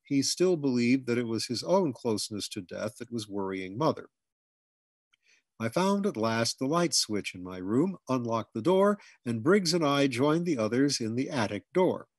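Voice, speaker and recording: A man reading a humorous memoir aloud in scripted narration, now and then jumping into loud, high shouts for the family members he quotes. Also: sing-song, moderate pace, no room sound. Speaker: audiobook reader.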